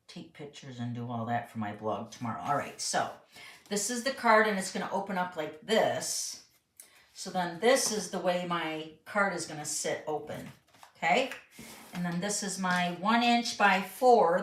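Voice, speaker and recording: A middle-aged woman leads a live card-making session, talking viewers through every step and reading out their questions in a chatty manner. Her voice is medium-pitched and a bit bright, sitting far from the mic with a roomy, slightly off-mic sound.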